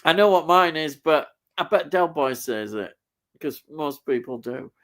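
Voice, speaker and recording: Guy co-hosting a stream, highish voice, reads comments slow and easy, laughs a lot. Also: expressive, fairly bright tone. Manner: easygoing, laughs often. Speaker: co-host reading out viewer comments. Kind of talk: casual live stream chat.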